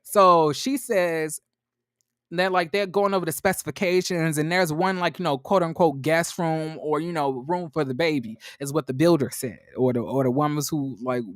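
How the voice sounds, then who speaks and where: A man giving a casual, sassy commentary recap, blunt and profane, rambling with fillers, his voice jumping high when riled. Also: normal speed, no room sound, clean studio sound. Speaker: commentary vlogger.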